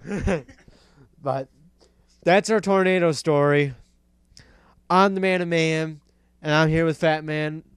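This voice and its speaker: A man hosting a casual talk show, telling a story in an animated, profane way and laughing often. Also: fairly high pitch, slow pace, pauses often, clear, resonant tone, no echo. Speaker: host.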